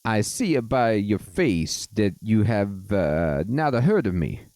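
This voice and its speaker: A man voicing a scheming, mafia-style male fairy godfather in a game, with an exaggerated mock Italian accent and halting broken English. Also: fairly low pitch, very animated, darkish tone, no room sound, heavily acted. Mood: theatrical.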